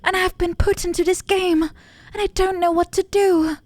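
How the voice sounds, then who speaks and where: A woman voicing a young fantasy princess with a high, melodramatic, pleading delivery. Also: fairly even intonation, normal speed, a little mellow, dry recording. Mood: dramatic pleading.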